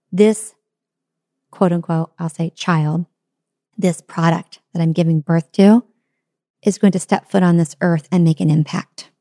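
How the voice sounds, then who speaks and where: A woman voicing a wise, calm, pregnant female elephant in a spoken fable, with assured and unhurried delivery. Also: on the low side, no echo, clean studio sound, close to an everyday voice.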